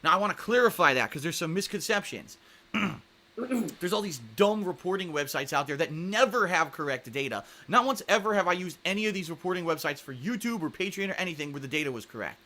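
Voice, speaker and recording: A man with a bright, forceful voice and a somewhat raised pitch talks straight to his audience. He sounds earnest and aggrieved, and he leans hard on his points. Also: animated, fast. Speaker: YouTuber addressing his viewers. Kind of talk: direct-to-camera vlog monologue.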